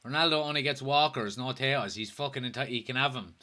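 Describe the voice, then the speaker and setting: A man's voice: mid-range voice, quick pace, bright, forceful tone. An Irish man hosting a casual football watchalong livestream, joking, swearing and reading viewer comments aloud. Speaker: host.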